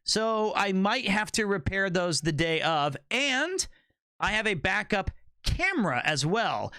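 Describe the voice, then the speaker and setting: A man's voice: sits high, big pitch swings, a little slow, pushed and bright, no room sound, studio quality. A man livestreaming and chatting casually with viewers, playful and joking, swearing freely.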